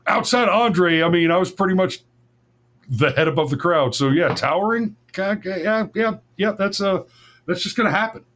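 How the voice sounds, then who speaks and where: A man's voice: high-pitched, moderate pace, fairly bright tone. Rambling, profane man telling a story. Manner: rambling, profane, many restarts and self-corrections. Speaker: podcast host. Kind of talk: casual storytelling.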